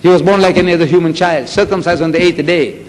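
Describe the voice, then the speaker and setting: An older man giving an animated religious lecture, acting out dialogue and mixing in Gujarati and Hindi phrases. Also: fast. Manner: animated, acts out dialogue with big pitch jumps. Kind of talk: storytelling lecture to an audience. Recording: echoey hall with faint noise.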